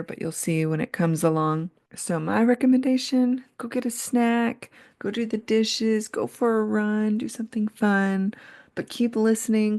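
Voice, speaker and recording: A woman hosting a casual trivia podcast with friends, playful and quick to laugh. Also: fairly low pitch, gravelly, dry recording, studio quality. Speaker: host.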